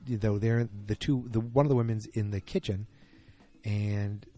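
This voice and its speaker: A man's voice: on the low side, fairly even intonation, moderate pace, mellow, soft background music. A man hosting a casual solo podcast, recapping an episode in a rambling, self-correcting way. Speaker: podcast host.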